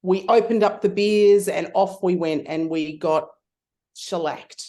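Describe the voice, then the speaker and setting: In a relaxed interview, a middle-aged woman guest tells an anecdote at a measured pace in a fairly low, warm, mellow voice. She's an animated storyteller whose pitch leaps whenever she acts out what someone said.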